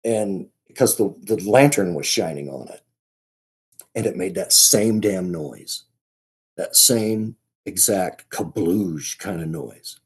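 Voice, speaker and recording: A man as a podcast guest, telling a story in a casual, halting way, often restarting and repeating his words. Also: sits low, lively intonation, slightly rough.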